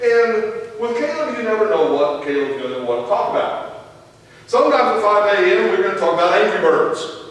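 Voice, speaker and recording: A man's voice: sits high, a little fast. A man pastor giving a sermon with a Midwest American accent, telling a family story and acting out the dialogue. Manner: animated storytelling, acts out dialogue. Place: church sanctuary. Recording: echoey church hall from far off, faint noise.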